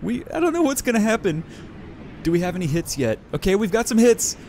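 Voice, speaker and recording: A young man commentating his own gameplay with boundless enthusiasm. His pitch sits a little high and swings widely, leaping up in bursts of excitement. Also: brisk, a little hiss or hum. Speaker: let's play host.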